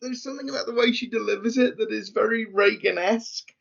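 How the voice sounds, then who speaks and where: A man with a notably high voice talks casually as a podcast co-host. He thinks aloud, repeating words as he finds his point. The audio is dull and lo-fi. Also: fast, creaky. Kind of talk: casual discussion.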